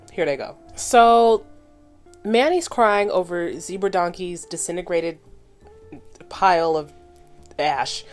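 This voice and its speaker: A woman in her twenties, a vlogger casually recapping and reacting to a cartoon episode, animated and blunt, swearing freely and thinking out loud. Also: on the low side.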